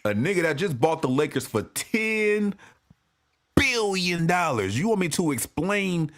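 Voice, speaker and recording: A man's voice: a little high, sing-song, measured pace, fairly bright tone. A man voicing a scornful, mocking male team owner who talks down to a star player. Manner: dismissive, mocking.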